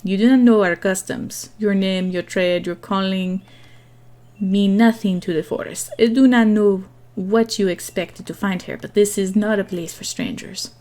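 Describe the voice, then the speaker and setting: A woman's voice: medium pitch, steady tone, a little slow, dark tone, natural voice. A woman voicing a stern, cold old male forest elder with a put-on thick accent that is not convincing. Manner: cold, firm, clipped.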